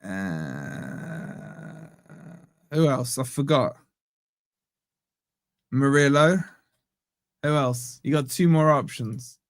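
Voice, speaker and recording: A man's voice: mid-range voice, lively intonation, drawn-out words, long pauses, dry recording, studio quality. A young man hosting a live football fan reaction stream, rambling and joking while he interrupts himself. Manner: rambling, self-interrupting, jokey. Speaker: fan channel host.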